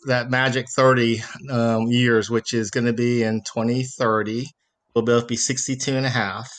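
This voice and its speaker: A man's voice: medium pitch, level tone, moderate pace, fairly bright tone. A man in his fifties from Mississippi with a Southern accent, calling a podcast and earnestly explaining his situation step by step, with many fillers. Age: 50s. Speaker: caller. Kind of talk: casual chat.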